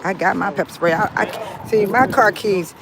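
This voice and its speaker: A woman from California talking in a casual vlog, chatty and animated, laughing often. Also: mid-range voice, normal speed, gravelly, crowd noise. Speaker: vlogger. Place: outdoors and in a car.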